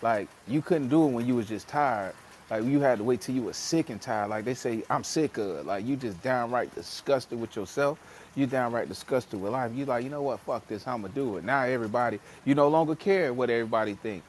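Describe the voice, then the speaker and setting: A man's voice: mid-range voice, fairly quick, darkish tone, a little hiss or hum. Emphatic slangy man on a podcast. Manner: emphatic, slangy, acts out voices in quotes. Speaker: podcast co-host. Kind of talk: casual motivational podcast talk.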